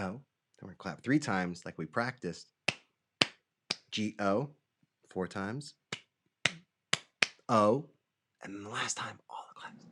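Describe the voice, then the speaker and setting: A man's voice: lowish voice, heavy background noise. A man leading a kids' music lesson, singing, clapping and talking to the children in a playful way. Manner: animated, playful, sings and claps along. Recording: loud music behind.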